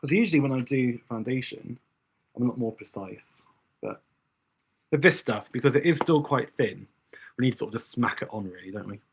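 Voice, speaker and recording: A man's voice: mid-range voice, lively intonation, a little fast, breathy edge. A young man doing drag makeup on a livestream, chatting casually and thinking aloud to his viewers.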